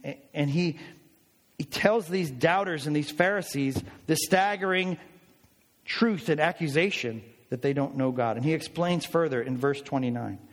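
A man preaching a sermon, explaining a passage with animated, emphatic rhetorical questions. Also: fairly high pitch, moderate pace. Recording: reverberant hall.

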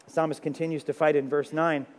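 A man pastor preaching a sermon, swinging dramatically between loud pleading and hushed, intimate stretches. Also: a little high, flat delivery, fast, big-room sound.

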